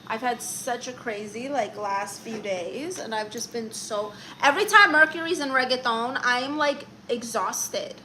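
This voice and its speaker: A woman's voice: a little high, a little slow, few pauses, bright, forceful tone, slight background noise. A woman from Florida hosting a casual live stream, chatting playfully and reading viewer comments aloud. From Orlando, Florida.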